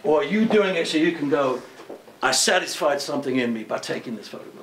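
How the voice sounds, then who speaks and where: Guy interviewer, lively up-and-down voice, lots of mm-hmms, echoey room, faint hum. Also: on the high side, fast talker. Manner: animated, frequent affirmations, rambling questions. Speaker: interviewer, magazine host. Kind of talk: conversational interview. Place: museum room with audience.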